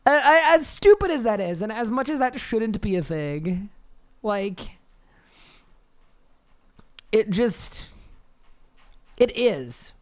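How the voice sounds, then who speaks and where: A man with a high-pitched voice, chatting casually on a live game stream, reading chat aloud and rambling with restarts. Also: expressive, slow pace.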